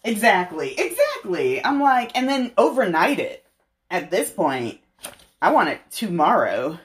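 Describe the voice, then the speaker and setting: Slow-talking giggly woman streamer. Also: mid-range voice, wildly swooping pitch. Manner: giggly, chatty, drawn-out. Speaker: livestream host. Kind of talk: casual chat with viewers.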